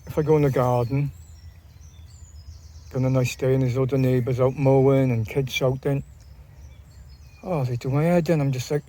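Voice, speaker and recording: A man's voice: medium pitch, fairly even intonation, normal speed, long pauses, warm tone. A man vlogging in a casual, rambling way, often repeating and restarting his phrases. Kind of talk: casual talk to camera.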